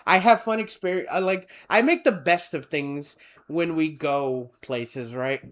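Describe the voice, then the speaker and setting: A man's voice: on the high side, measured pace. A man, co-hosting a podcast and telling a rambling story in casual chat, acting out the people in it. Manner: rambling, animated, acts out quoted people. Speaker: podcast co-host.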